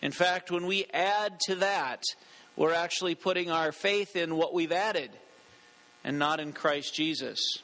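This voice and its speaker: A man preaches from the pulpit in a measured, earnest sermon, reading scripture aloud. His voice is high and bright. Long reverb from the church hall trails after each line. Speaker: pastor.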